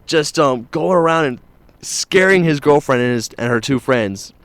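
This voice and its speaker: A man's voice: fairly high pitch, lively intonation, normal speed, a bit bright, clean tone, no echo. Upbeat male morning show host. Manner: rambling, jokey storytelling with many fillers. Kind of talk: casual radio-style chat.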